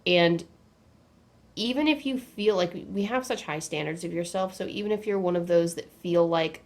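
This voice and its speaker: Woman, young adult, angel card reader, lowish voice, rambling, self-interrupting. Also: normal speed. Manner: rambling, self-interrupting, with many fillers and restarts. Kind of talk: spiritual card reading.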